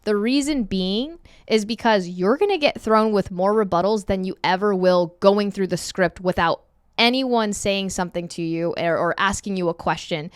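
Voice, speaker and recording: A woman's voice: mid-range voice, moderate pace, clear, resonant tone, no room sound, clean studio sound. A woman training new callers over a screen share, upbeat and conversational, acting out sample calls. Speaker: sales trainer.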